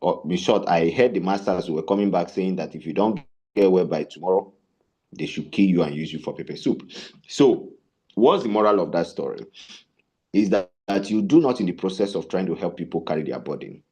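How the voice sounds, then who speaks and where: Speaking a little fast in a low-pitched voice, a man runs a tech sales bootcamp. He teaches in an animated way, weaving in stories and rhetorical questions.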